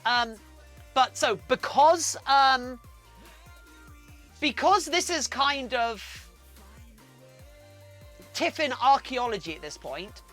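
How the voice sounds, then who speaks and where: A woman chats casually as she streams her fursuit work, reading chat aloud and breaking into silly sung bits. Her voice is bright and fairly high and swoops all over. Faint music plays behind her.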